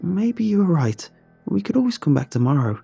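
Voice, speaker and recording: An eager, matter-of-fact teenage girl in a spooky audio story, played by a man raising his voice. She talks a little husky and mellow, pressing her point. Faint music sits underneath. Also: high voice, very animated, normal speed, pitched above the performer's own voice, exaggerated voice. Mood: uneasy. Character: eager teenage girl, ghost-hunting friend. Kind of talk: horror story reading.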